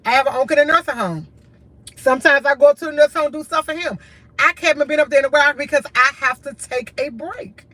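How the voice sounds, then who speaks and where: A woman's voice: high-pitched, quick pace, sharp tone, no echo. A woman talks to her livestream viewers. She sounds worn out and earnest, circling back through short, repeated phrases. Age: adult with a school-age son, in college. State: tired. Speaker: livestream host. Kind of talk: candid livestream talk.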